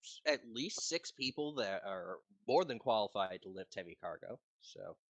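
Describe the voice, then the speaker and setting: A man's voice: on the low side, animated, moderate pace, a little hiss or hum. A man playing a tabletop game, joking in casual banter. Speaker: player.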